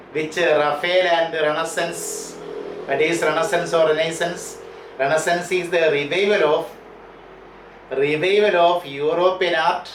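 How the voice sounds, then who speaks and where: A man's voice: a little high, a bit bright, a little hiss or hum. A man with an Indian English accent teaching a class, repeating and rephrasing key terms. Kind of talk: classroom lecture. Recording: echoey room, far from mic.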